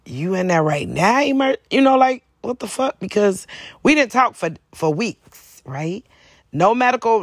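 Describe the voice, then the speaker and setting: A woman with a raspy voice telling stories in a casual monologue, blunt and profane, acting out both sides of each exchange. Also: low voice, no echo, studio quality. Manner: blunt, profane, animated storytelling. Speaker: podcast host.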